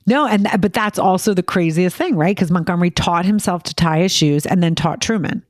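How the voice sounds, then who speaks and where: A woman chatting casually as a parent on a podcast, telling quick, filler-heavy stories and acting out what people said. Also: fairly low pitch, dry recording, clean studio sound. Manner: rapid, filler-heavy storytelling, acting out quoted voices. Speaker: parent guest.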